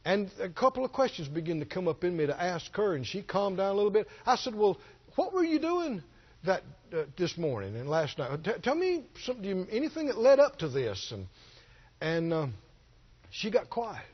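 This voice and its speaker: A man's voice: high-pitched, sing-song, normal speed, breathy edge. A middle-aged man preaching a sermon, telling a story and rising to stress his key points. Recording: dull lo-fi sermon recording.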